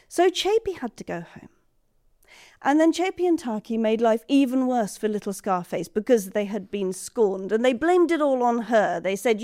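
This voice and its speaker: A woman telling a folk tale aloud, soft and expressive, sometimes dropping to a whisper. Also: on the high side, moderate pace, no room sound, studio quality. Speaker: storyteller. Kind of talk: oral storytelling.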